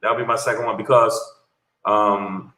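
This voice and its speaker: A man's voice: fairly low pitch, normal speed, roomy sound, poor audio. A man, a comedian guest, telling stories in a casual interview, blunt and profane. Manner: blunt, profane, animated storyteller.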